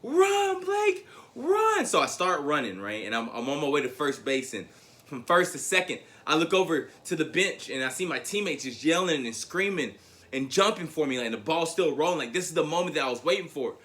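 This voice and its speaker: Forceful man telling a story. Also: a little high, brisk. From Tennessee. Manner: animated storytelling, swinging between loud and hushed. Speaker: motivational speaker. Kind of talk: convention keynote speech.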